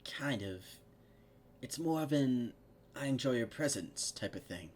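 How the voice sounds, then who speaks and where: A man's voice: medium pitch, lively intonation, unhurried, a little mellow, pitched above the performer's own voice. A man reading the lines of a brash tomboyish female pegasus pony in a blunt, matter-of-fact way, close to his own voice. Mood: casual.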